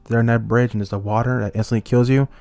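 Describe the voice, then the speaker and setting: A man's voice: mid-range voice, quick pace, no room sound. A young man vents in an unscripted commentary rant, his voice climbing into angry outbursts and then settling back down. His mid-range voice sits close to the mic in a dry, dead room. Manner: heated, swinging between angry outbursts and calm. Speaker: YouTuber. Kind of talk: ranting commentary.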